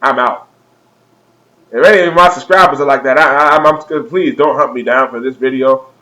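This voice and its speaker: A man's voice: medium pitch, normal speed, sharp tone, poor audio. A young man vlogging a comedic rant, profane and exaggerated, laughing at his own jokes.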